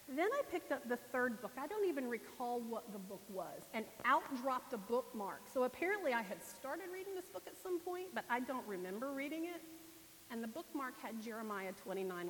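At a church service, a woman preacher delivers a sermon, telling her stories with animation and acting out the people in them. Her voice is fairly high. The recording carries a long reverb and a faint hiss.

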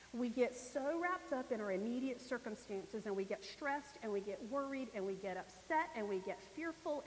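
A woman preacher delivers a sermon with lively storytelling and acts out the people in her stories. Her voice sits on the high side. A long reverb trails after each phrase, with a faint hiss underneath.

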